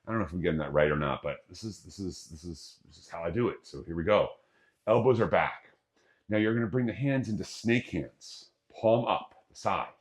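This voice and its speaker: A man's voice: low voice, lively intonation, fairly quick. A middle-aged man teaching qigong moves, giving casual, jokey step-by-step breathing cues. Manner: casual, jokey, talks through each breath. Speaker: qigong instructor. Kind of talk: guided exercise instruction.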